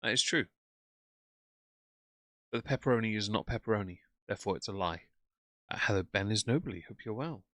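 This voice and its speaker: A man's voice: on the low side, brisk, pauses often, fairly bright tone, no echo. A man, commenting bluntly and sarcastically while reading out chat on a live stream.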